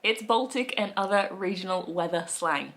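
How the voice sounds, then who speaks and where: A young Australian woman in casual chat to camera, playful and quick to laugh, acting out little quoted voices. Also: mid-range voice, fairly bright tone. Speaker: vlogger.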